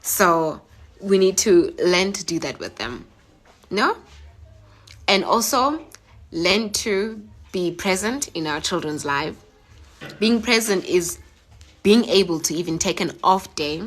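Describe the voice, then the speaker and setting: Teary woman, low voice. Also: very animated, a bit bright. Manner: emotional, heartfelt, halting with fillers. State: teary after crying. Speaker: live-stream host. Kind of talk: earnest live-stream talk reading comments. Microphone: phone.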